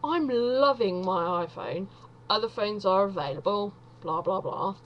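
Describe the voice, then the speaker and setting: Slow-talking chatty woman, rambling stand-up. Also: medium pitch, expressive, muffled recording, slight background noise. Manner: chatty, self-deprecating, wandering asides. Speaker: vlogger doing stand-up.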